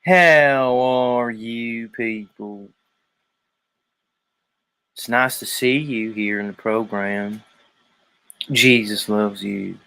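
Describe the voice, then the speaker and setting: A man voicing a Southern-accented male televangelist preacher who asks for tithes, in a slow, sugary, drawn-out parody of a sermon. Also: mid-range voice, pushed and bright, smooth, exaggerated voice. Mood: syrupy preaching. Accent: American Southern.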